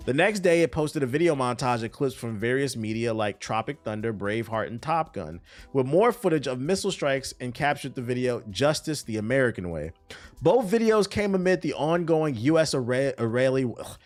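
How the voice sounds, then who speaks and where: A man offers casual, profane, lively commentary on the news during a live stream. His medium-pitched voice sounds a bit tired.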